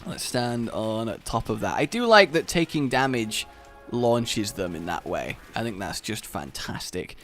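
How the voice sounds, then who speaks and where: Excitable man commenting on gameplay. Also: mid-range voice, a little slow, soft background music. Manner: excitable, bursts into loud delighted exclamations. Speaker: gaming YouTuber.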